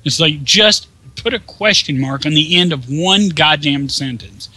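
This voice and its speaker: A man's voice: fairly high pitch, animated, a little slow, pushed and bright, low-quality recording. A man ranting in casual chat over gameplay, swearing often and sounding incredulous. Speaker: gaming co-host.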